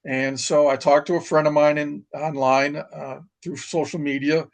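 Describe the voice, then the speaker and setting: A middle-aged retired Marine from New York, telling stories in casual chat with plenty of fillers and restarts. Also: male voice, a little high, little pitch movement, normal speed, gravelly. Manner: rambling, many restarts and fillers. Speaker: podcast guest, retired Marine. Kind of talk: casual storytelling.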